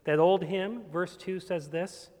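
A pastor delivers his sermon with a high-pitched voice that swells from hushed to forceful. He preaches as if to a congregation. The church gives every word a long echoing tail. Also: steady tone, slow. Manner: emphatic preaching that swells from quiet to loud. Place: church sanctuary.

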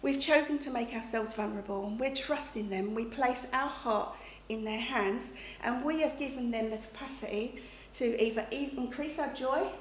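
A woman's voice: fairly high pitch, moderate pace, hardly any pauses. A middle-aged woman giving a conversational sermon, often checking in with her listeners. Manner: chatty, checks in with listeners with "okay?" and "you know". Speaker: preacher. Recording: echoey room, faint background noise.

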